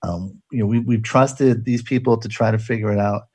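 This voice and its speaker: A man's voice: lowish voice, steady tone, brisk, a little mellow, slightly rough, no echo. A man hosting a casual radio talk show, chatty and jokey, rambling with restarts.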